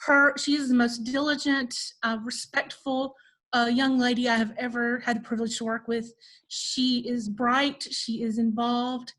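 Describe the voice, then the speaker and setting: A woman's voice: a little high, fairly bright tone, low-quality recording. A woman nurse researcher on a video call, earnestly praising her student and near tears. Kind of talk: casual spoken tribute on a video call.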